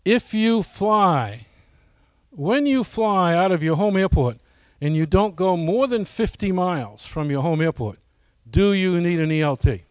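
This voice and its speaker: A man's voice: high voice, lively intonation, measured pace, no room sound. A man giving a casual, folksy presentation to his flying club, often asking the audience questions.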